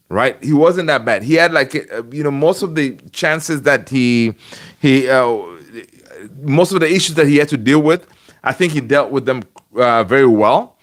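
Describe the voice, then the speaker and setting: A man's voice: mid-range voice, moderate pace. A man hosting a casual football fan livestream from home, chatty and rambling, greeting viewers and answering the chat. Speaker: fan channel host. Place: home room.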